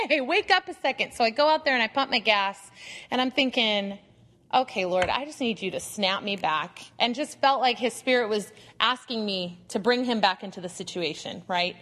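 A woman's voice: a little high, big-room sound, a little hiss or hum. A woman in her thirties or forties telling a funny personal story to a Bible study group, acting out her own grumbling and asides. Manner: animated, self-mocking storytelling with acted-out asides.

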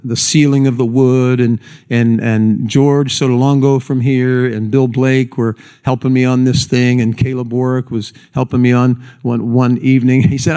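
A man preaching a sermon to a congregation. He tells a folksy story, then slows and drops low and quiet for the solemn points. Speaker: pastor.

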